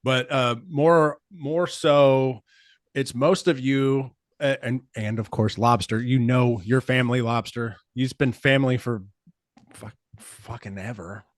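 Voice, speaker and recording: A man's voice: medium pitch, fairly even intonation, unhurried, no echo, studio quality. Rambling host in his forties. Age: 40s. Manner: rambling, laughing, swears. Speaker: podcast host. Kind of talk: casual chat.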